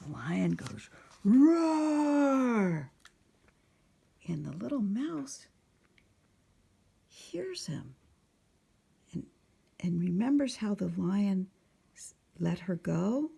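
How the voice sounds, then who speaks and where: A woman narrating a picture book at storytime, speaking softly and often slipping into a whisper, asking the listener questions. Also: fairly low pitch, sing-song, takes it slowly, creaky, pauses often, slightly rough. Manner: soft, often sliding into a whisper.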